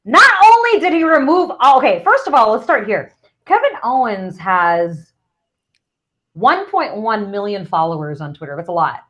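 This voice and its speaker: A woman's voice: mid-range voice, big pitch swings, normal speed, fairly bright tone. A woman co-hosting a podcast in casual chat, chatty and teasing, often losing her thread and restarting. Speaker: podcast co-host.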